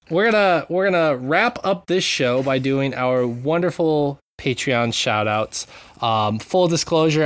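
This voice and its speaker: Male podcast host, mid-pitched, joking and loose, dry close mic. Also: fairly bright tone, smooth, no room sound. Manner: joking, reads sponsor thanks with mock sincerity. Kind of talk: casual podcast chat.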